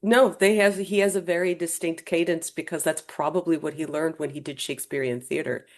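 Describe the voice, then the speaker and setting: Woman host, low register, emphatic storyteller, chatty interview. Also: fairly even intonation, fairly quick, darkish tone. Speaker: podcast host. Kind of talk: conversational interview.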